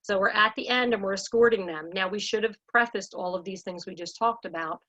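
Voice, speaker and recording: A woman's voice: mid-range voice, brisk, a bit bright. A woman speaking as a salon business coach in a panel talk, talking with emphatic energy and acting out scripts for clients. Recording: dull lo-fi audio.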